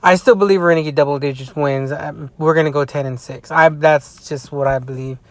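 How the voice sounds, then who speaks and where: A man's voice: fairly high pitch, steady tone, fairly quick, no room sound. A tired man in a casual vlog rant, rambling with heavy swearing and frequent restarts. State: tired, yawning. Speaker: sports fan vlogger.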